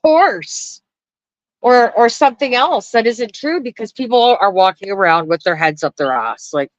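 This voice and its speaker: A woman vlogging in a blunt, profane, animated rant, laughing often. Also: mid-range voice, normal speed, dry recording. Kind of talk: ranting casual vlog. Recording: dry, dull lo-fi sound.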